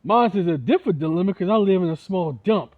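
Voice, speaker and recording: A man's voice: high-pitched, fast. A man from Ohio ranting heatedly to the camera, repeating himself and tossing in "you know what I'm saying" again and again. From Toledo, Ohio. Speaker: independent musician. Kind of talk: angry rant to camera. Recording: tinny phone-like audio.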